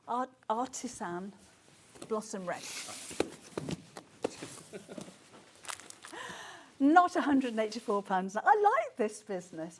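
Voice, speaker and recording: A woman presenting a live TV shopping show, excitable and quick to gasp and exclaim as items sell. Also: on the high side, slight background noise. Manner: excitable, gasping and exclaiming over sales. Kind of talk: live TV selling. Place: TV studio.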